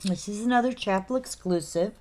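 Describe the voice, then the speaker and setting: A woman hosting a live figurine sale in casual chat, reading out item names and numbers slowly and clearly. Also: mid-range voice, mellow.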